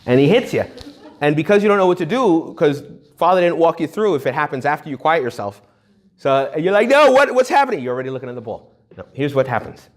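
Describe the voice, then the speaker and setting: A man's voice: a little high, fast talker. A man giving a humorous retreat talk to young adults, joking and acting out little quoted voices. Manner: jokey, animated, acts out little quoted voices. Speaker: retreat speaker.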